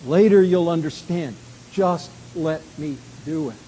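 A man voicing a calm, gentle male teacher who speaks quietly and evenly, within a sermon. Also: fairly high pitch, a little slow, slight background noise, lightly acted, rough recording.

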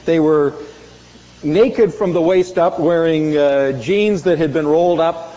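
A male pastor preaching with a high, forceful voice that swings between loud emphasis and hushed lines. The sound is dull and muffled, carrying a long reverb from a large hall. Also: measured pace. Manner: emphatic preaching, dramatic swings in pitch and volume. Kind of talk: sermon.

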